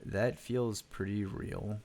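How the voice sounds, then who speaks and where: Young gamer dude riffing through a horror game, super gravelly, low-ish voice, swears a lot. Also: male voice, fairly even intonation, takes it slowly, a little mellow. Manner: casual, swearing, jokey, laughs a lot. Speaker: gaming youtuber. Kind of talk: let's play commentary.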